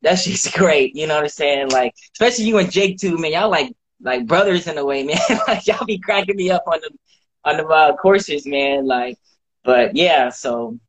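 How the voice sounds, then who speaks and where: A man giving a relaxed testimony as a course member on a livestream. His voice sits a little high. He talks in an easygoing way and keeps tossing in filler phrases. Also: moderate pace, low-quality recording. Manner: easygoing, heavy on "you know what I'm saying". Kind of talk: casual live-stream chat.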